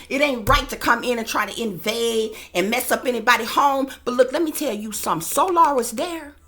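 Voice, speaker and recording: Woman host, heated commentary vlog, blunt and profane, fairly high, bright edgy voice. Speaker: channel host.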